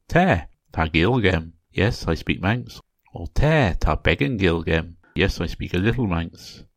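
A man hosting a language podcast, calmly explaining grammar and slowing down to pronounce example words. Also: sits low. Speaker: podcast host teaching a language. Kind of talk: scripted language lesson.

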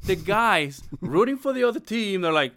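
A man's voice: high-pitched, big pitch swings, moderate pace, fairly bright tone, no echo, clean studio sound. A man co-hosting a casual podcast, telling a long story with lots of swearing and laughing as he goes. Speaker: podcast co-host.

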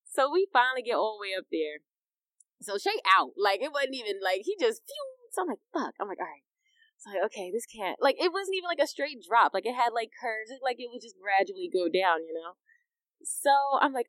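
Young woman, fairly high voice, very lively pitch, dry close sound, casual storytelling, swearing, laughing. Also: a little fast, no room sound. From United States. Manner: animated, swearing, laughing while telling a story. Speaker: podcast co-host.

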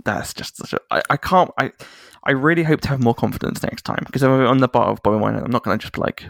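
A man co-hosts a casual podcast with a gravelly edge. He talks in a self-deprecating, halting way and keeps restarting his sentences. The sound is dry and close. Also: mid-range voice, fairly bright tone, dry recording. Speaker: podcast co-host. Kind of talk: casual chat.

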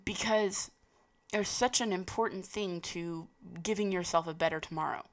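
A woman giving a casual, rambling personal talk, full of fillers and restarts, with a gravelly voice. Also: fairly low pitch, fairly bright tone.

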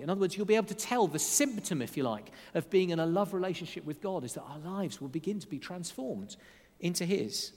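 A man preaching a sermon as pastor during a church service, earnest and expressive, slowing down to lean on key phrases. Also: high-pitched. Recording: long reverb of a large church hall.

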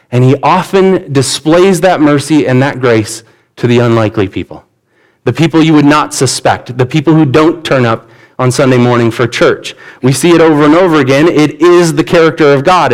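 A man's voice: fairly high pitch, rough recording. A man, a pastor, preaching a sermon and retelling a Bible story in an easy conversational way, voicing the characters' lines.

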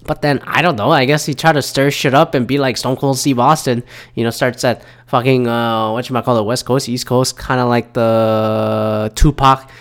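A man's voice: medium pitch, steady tone, normal speed. A man in his thirties giving casual solo commentary as host, rambling and swearing, with lots of fillers and restarts. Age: 30s.

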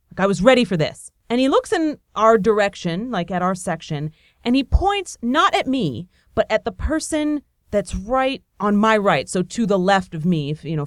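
A woman storyteller telling a true story from her own life, swept up and breathless as the tale builds. Her voice is smooth and clear. It is recorded close and dry, with no room sound. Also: medium pitch, no echo. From Buffalo, New York, USA. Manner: excitable, breathless delivery, acts out quoted voices. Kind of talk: live personal storytelling.

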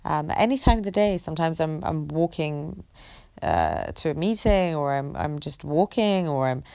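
A woman sharing a personal story in a candid monologue, reflective and halting, with many restarts and fillers. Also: low voice, big pitch swings, gravelly, darkish tone. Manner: earnest and open, swears casually.

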